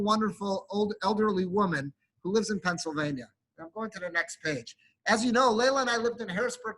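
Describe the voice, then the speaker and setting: A man, a rabbi, giving an earnest sermon to his congregation, often building to emphatic, animated peaks. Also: high-pitched, poor audio. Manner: speaks to a congregation while showing a card.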